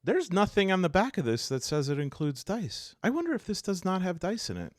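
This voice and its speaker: A man casually unboxing tabletop games, animated and exasperated, rambling with many restarts. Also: a little high, normal speed, few pauses, dry recording, studio quality. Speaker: tabletop game reviewer.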